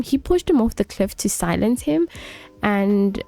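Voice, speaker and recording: A woman's voice: medium pitch, lively intonation, measured pace, warm tone, faint music behind. A woman casually narrating a life-sim game, retelling the characters' lines with fillers. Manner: casual, retelling scenes in quotes. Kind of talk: let's play narration.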